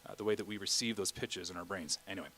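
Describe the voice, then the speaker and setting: A man's voice: low-pitched, fairly even intonation, fast talker, fairly bright tone. A middle-aged man directing a choir rehearsal in a church, chatty, often singing vowel and Latin examples.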